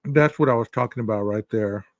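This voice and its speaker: A man's voice: mid-range voice, no echo, highs cut off. Chatty, teasing man co-hosting. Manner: chatty, teasing, quick to laugh. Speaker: podcast co-host. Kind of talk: casual true-crime discussion.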